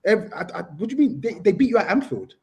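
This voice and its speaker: A man's voice: high voice, sing-song, quick pace. A man, co-hosting a podcast and arguing hard about football, insisting on finishing his point and repeating himself. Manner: argumentative, talks over others, insistent repeats. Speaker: podcast co-host. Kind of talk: heated football debate.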